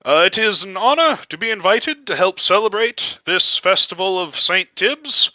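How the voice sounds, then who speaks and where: A bewildered human paladin official steps up to speak at a festival, as a man puts him on. His formal words come out a little awkward in a higher, brighter voice. The sound is dry and close. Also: lively intonation, normal speed, no room sound, exaggerated voice.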